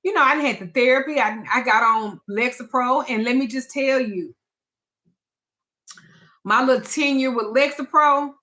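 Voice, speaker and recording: In a candid talk to camera, a woman who works as a spiritual advisor and tarot reader addresses her audience bluntly and emphatically, swearing without restraint. Her voice is high with a sharp tone.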